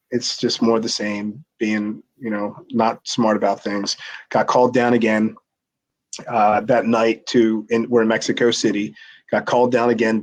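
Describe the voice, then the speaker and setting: A man's voice: on the low side, poor audio. A man, a former pro wrestler, telling a story in a casual interview, acting out the quotes in a raised voice and restarting his sentences.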